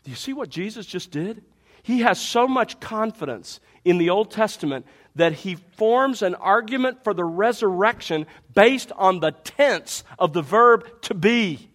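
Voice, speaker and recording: A man's voice: sits high, lively intonation, a little slow, fairly bright tone. A man preaching a sermon, teaching through a Bible passage with emphatic rhetorical questions. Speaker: pastor.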